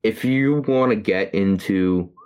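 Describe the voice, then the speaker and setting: A man co-hosting a podcast, reviewing a movie in casual chat, halting with many fillers and restarts. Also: lowish voice, darkish tone, smooth. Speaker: podcast co-host.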